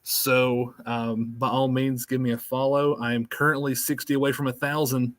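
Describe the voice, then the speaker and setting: A school librarian with a Tennessee accent, presenting in an easygoing, self-mocking way with many fillers over a video call. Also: male voice, mid-range voice, level tone, moderate pace, no room sound. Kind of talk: webinar presentation.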